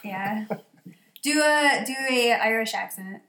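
A woman's voice: on the high side, slow pace, pushed and bright, roomy sound. A woman co-hosting a podcast, chatting casually with dry, teasing remarks. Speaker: podcast co-host. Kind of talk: casual chat.

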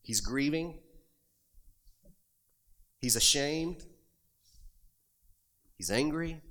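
A man's voice: a little high, lively intonation, extremely slow, sharp tone. A man preaching a sermon, reading scripture aloud and pressing his points with rising emphasis. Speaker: pastor.

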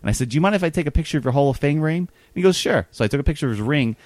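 A man's voice: a little high, animated, a little mellow, no echo. A man telling a rambling, self-deprecating travel story in a casual podcast chat. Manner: rambling, self-deprecating, quick anecdotal delivery.

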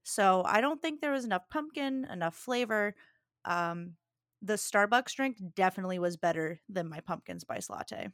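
A woman co-hosting a casual podcast chat, talkative and quick to laugh. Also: mid-range voice, very animated, fairly bright tone, no echo, clean studio sound. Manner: chatty, laughs often. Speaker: podcast co-host.

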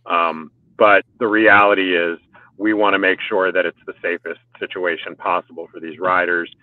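A man with a deep, low voice chats loosely about coaching motorcycle riders, stacking fillers and restarts as he goes. He is heard over a narrow, phone-like line. The sound is dry, with no room around it. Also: flat delivery, normal speed, dry recording. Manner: rambling, filler-heavy talk with restarts. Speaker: motorcycle track day organizer and riding coach. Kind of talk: casual podcast chat. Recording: phone-like call audio.

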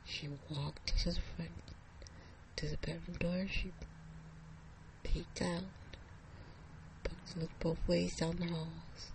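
A storyteller telling a suspense story slowly, dropping into whispers at tense moments. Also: medium pitch, level tone, background noise. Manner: slow, suspenseful narration with hushed whispers. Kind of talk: told story.

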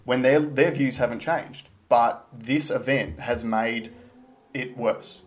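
A man's voice: mid-range voice, fairly even intonation, takes it slowly. A man co-hosting a casual podcast chat, earnest and blunt, pressing with questions. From Australia. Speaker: podcast co-host.

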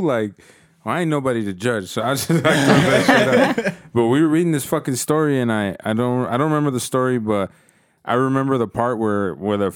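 A man's voice: fairly low pitch, dry recording, clean studio sound. Laid-back, profane guy telling a story. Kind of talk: casual storytelling among friends.

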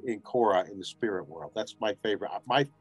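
A man's voice: lowish voice, fairly quick, faint music behind. A man, a voice actor guest on an interview, telling stories casually and acting out what people said. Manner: animated storyteller acting out quotes.

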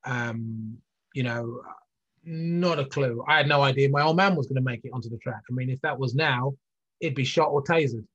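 A man's voice: mid-range voice, moderate pace, a bit bright, husky. A middle-aged man, a former athlete, telling his story candidly and earnestly as an interview guest, with many fillers and restarts. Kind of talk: reflective storytelling in conversation. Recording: dull lo-fi recording.

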